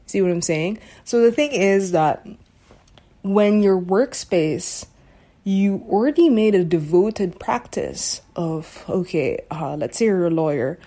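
A woman's voice: lowish voice, lively intonation, takes it slowly, dark tone. A woman hosting a casual solo podcast, musing aloud, searching for words and often checking whether the listener follows. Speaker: podcast host.

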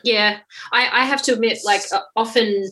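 A woman's voice: a little high, fairly even intonation, normal speed, pushed and bright, rough recording. Female co-host, chatty, thinks aloud. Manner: chatty, self-correcting. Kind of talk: casual chat.

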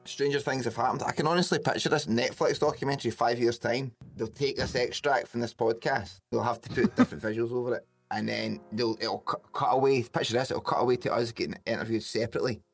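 A man's voice: medium pitch, quick pace, creaky, few pauses, soft background music. A Scottish man hosting a podcast, joking and swearing in casual banter with his mates. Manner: swearing, joking, bursts of laughter. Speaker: podcast host.

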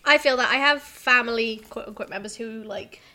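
A woman's voice: a little high, pushed and bright. A woman playing in a tabletop game, casually asking the game master questions about the characters. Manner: curious, asks quick questions. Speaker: player.

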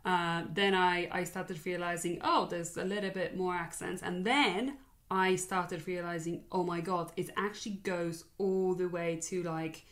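A young woman in her twenties chatting casually, thoughtful and halting, with many fillers and restarts. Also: lowish voice, fairly even intonation, a bit bright. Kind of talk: casual chat.

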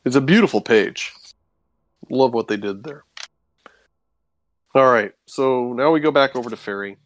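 A man's voice: mid-range voice, dry recording. Laid-back man recapping a comic. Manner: relaxed storytelling, paraphrases characters in quick asides, laughs easily. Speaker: comic book podcast co-host. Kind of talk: casual chat recapping a comic.

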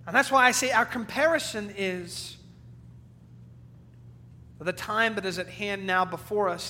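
A male pastor delivers an earnest sermon in a high, bright voice, moving from ringing emphasis to hushed low passages. The recording carries the long reverb of a church hall. A faint electrical hum sits underneath. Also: a little slow, pauses often. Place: church sanctuary.

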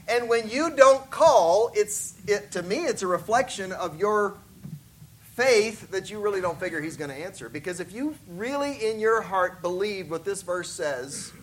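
A man's voice: high voice, expressive, normal speed, slight background noise. A man preaching as a missionary, folksy and joking as he tells stories from the pulpit. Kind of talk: sermon with stories.

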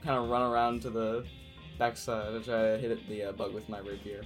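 A man's voice: lowish voice, little pitch movement, brisk, faint music behind. A man playing a tabletop game, laid-back and laughing between his actions. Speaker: player. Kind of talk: casual tabletop game chat.

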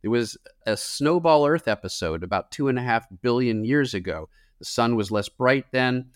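A man's voice: mid-range voice, expressive, moderate pace, clear, resonant tone, no room sound, studio quality. A climate scientist man answering interview questions in an earnest, explanatory way with occasional fillers.

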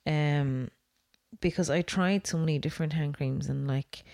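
A woman's voice: sits low, moderate pace, creaky, a little mellow, dry recording, clean studio sound. A woman co-hosting a podcast, playful and enthusiastic in casual chat. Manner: enthusiastic, playful, laughs often. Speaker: podcast co-host.

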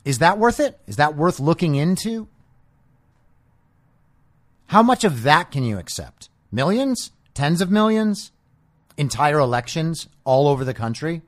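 On a political podcast, a male host with a voice on the high side sounds very animated yet unhurried, leaving long pauses. He delivers a combative, profane monologue full of sarcastic rhetorical questions.

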